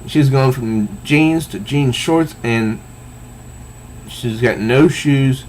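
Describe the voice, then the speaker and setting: A man's voice: medium pitch, slow, darkish tone, a little hiss or hum. A man casually reviewing a comic book, reading panels aloud with easygoing, enthusiastic asides.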